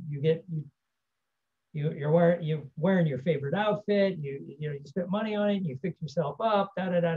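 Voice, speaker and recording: A man gives a casual, rambling self-help talk in the style of a teaching monologue, often ending points with the tag question "right?". His voice is high-pitched and warm, and the audio has its highs cut off.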